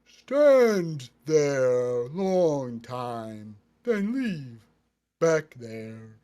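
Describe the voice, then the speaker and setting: A man voicing a cow that speaks in slow, broken phrases. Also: mid-range voice, sing-song, warm tone, pitched below the performer's own voice. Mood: matter-of-fact. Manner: broken, halting speech. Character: simple-spoken cow, slow and plain.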